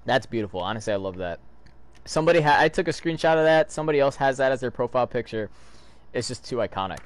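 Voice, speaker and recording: A man giving excitable, casual reaction commentary while reading a comic aloud, throwing in loud sound effects. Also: mid-range voice, fast talker, dry recording. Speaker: video host reading a comic.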